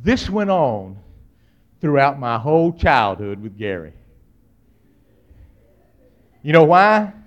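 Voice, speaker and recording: A middle-aged man preaching a humorous storytelling sermon, swinging dramatically between loud outbursts and hushed asides. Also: mid-range voice, big pitch swings, measured pace.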